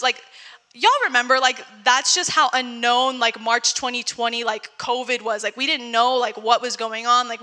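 A woman's voice: on the high side, sharp tone, long reverb tail. A young woman, giving a casual personal testimony at a young adults service and saying "like" often. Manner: conversational, fills with "like" often.

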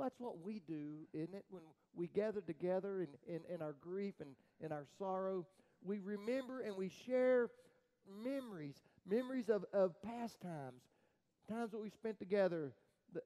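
A man preaching a sermon as the pastor, telling a story dramatically with frequent halting restarts, swinging from loud outbursts to hushed murmurs. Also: high voice, poor audio.

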